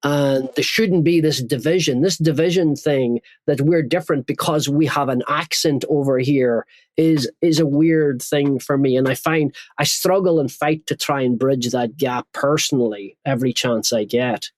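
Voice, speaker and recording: A man's voice: medium pitch, moderate pace, hardly any pauses, no room sound. A middle-aged Irish man being interviewed on a podcast, talking earnestly and often restarting as he searches for words. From Ireland. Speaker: guest.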